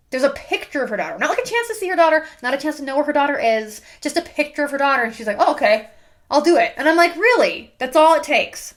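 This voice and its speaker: A woman's voice: on the high side, a bit bright. A young woman hosting a casual book review, ranting sarcastically with plenty of "like" fillers. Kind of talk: casual rant monologue.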